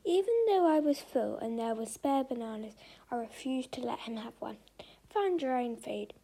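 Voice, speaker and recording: Woman as greedy male monkey, grumbling, husky, gravelly, storybook voice. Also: a little high, animated, moderate pace, mellow, low-quality recording. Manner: grumbling, panicky when stuck.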